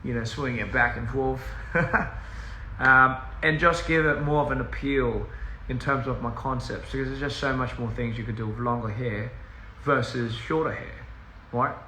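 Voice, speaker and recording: A man's voice: mid-range voice, fairly even intonation, measured pace, pushed and bright, roomy sound, slight background noise. A young man rambling through a casual live-stream chat from home, easily sidetracked and laughing often. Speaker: musician live-streaming to fans. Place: at home, indoors.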